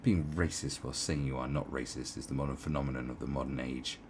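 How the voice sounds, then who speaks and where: An online commentator reads an article aloud with sarcastic, profane commentary and mocking asides. He has a bass voice with a steady tone and speaks fast over background noise.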